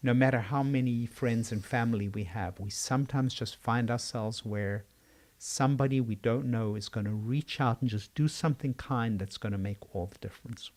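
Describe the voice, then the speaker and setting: A man's voice: mid-range voice, normal speed, a little mellow. An older man from South Africa with a South African accent, a psychiatrist answering interview questions in a thoughtful, storytelling way. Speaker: psychiatrist guest.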